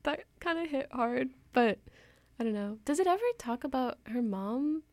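A young woman co-hosts a relaxed book chat, hedging and trailing off as she speaks. Her voice sits slightly high, and the sound is dry and close. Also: moderate pace, no echo. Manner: hesitant, unsure. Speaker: podcast co-host. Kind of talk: casual book discussion.

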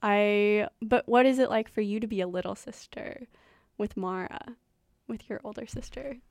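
A woman's voice: mid-range voice, moderate pace, darkish tone, no echo, clean studio sound. A woman co-hosting a radio show, chatting casually and asking her co-host questions. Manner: engaged, asks questions, psychology talk. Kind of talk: casual chat.

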